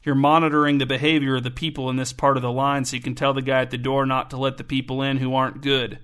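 A man's voice: mid-range voice, flat delivery, quick pace, fairly bright tone, clean tone, close to an everyday voice. A man reading the part of a sarcastic, suspicious middle-aged father in an audiobook, his talk growing heated. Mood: conspiratorial.

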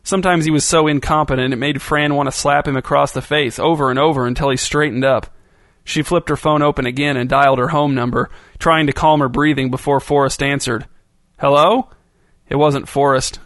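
A man's voice: medium pitch, fairly even intonation, fairly quick, fairly bright tone, no room sound. Man narrating an audiobook, dry sound.

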